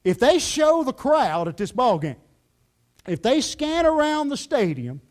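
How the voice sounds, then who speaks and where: A man preaching a sermon as pastor, telling the story in a lively, folksy way full of "you know" fillers. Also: very high-pitched, measured pace. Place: church sanctuary.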